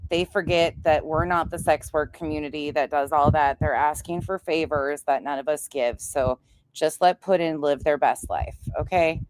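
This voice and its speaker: A woman's voice: low-pitched, fairly even intonation, normal speed, a little mellow, slight background noise. A woman co-hosting a livestream, talking bluntly and sarcastically to the chat. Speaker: livestream co-host. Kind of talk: casual livestream commentary.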